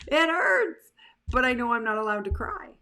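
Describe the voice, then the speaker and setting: A woman's voice: a little high, sing-song, moderate pace, bright, forceful tone, voice pushed up, full character voice. A woman doing a whimpering hurt little kid. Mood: tearful. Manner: whiny, tearful. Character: hurt little child, whimpering, trying not to cry.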